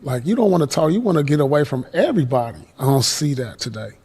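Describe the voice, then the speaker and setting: A man's voice: a little high, sing-song, fast talker, darkish tone, breathy edge. A middle-aged man, a guest, talking in a laid-back, rambling casual chat. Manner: laid-back, rambling, repeats "you know what I'm saying". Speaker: guest, former player.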